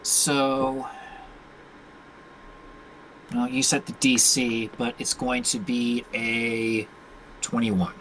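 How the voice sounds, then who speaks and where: A man playing a tabletop game, unhurried and thinking aloud. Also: medium pitch, little pitch movement, a bit bright, slight background noise, rough recording. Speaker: player.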